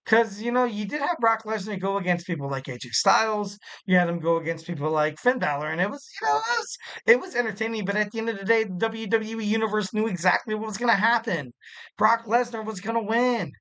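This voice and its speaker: A man's voice: sits high, lively intonation, fast talker, a bit bright. A man hosting a casual solo wrestling podcast, rambling and jokey, with lots of filler words. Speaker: podcast host.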